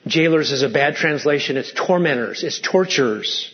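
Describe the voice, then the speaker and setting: Pastor guy preaching, kinda high voice, hammers points with question after question, muffled lo-fi sound. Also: lively intonation, moderate pace. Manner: emphatic, piling up rhetorical questions and intensifiers. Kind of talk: sermon.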